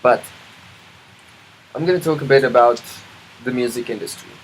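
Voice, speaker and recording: In a low-quality recording marked by a little hiss or hum, a South African man with a mid-range voice speaks at normal speed. His casual vlog is one long, wandering monologue, full of ums and restarts, where he interrupts himself for chatty comments, the weather included.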